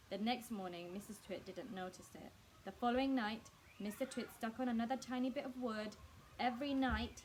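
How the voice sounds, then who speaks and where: A woman reading a children's book aloud in a staff room, expressive and speaking directly to her young listeners. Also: fairly high pitch, slight background noise, low-quality recording. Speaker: storyteller.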